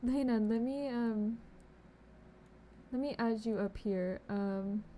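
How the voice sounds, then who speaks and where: A woman's voice: on the high side, slow pace, mellow. A young woman chatting casually on a game live stream, bubbly and chatty, greeting viewers with pet names. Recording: faint background noise.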